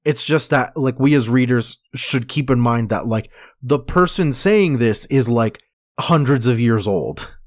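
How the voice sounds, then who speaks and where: A man's voice: medium pitch, animated, unhurried, no room sound. A man with a mid-range voice co-hosts a casual comic review podcast. He talks in loose, rambling sentences full of "like" and "dude". The sound is dry and close. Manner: chatty, heavy use of "like" and "dude". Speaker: podcast co-host.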